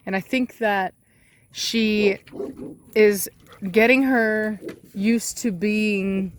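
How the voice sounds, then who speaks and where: A woman with a Texan accent, a dog breeder, chatting in a casual outdoor vlog and calling to her dogs in a high sing-song voice. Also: fairly even intonation, extremely slow. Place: outdoors in a rural yard. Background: dogs barking and rural ambience.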